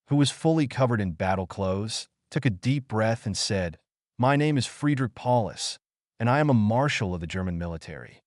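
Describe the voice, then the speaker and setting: A man with a low voice reads an audiobook in steady scripted narration. His pitch moves in a lively way, and the recording is close and dry. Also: no room sound.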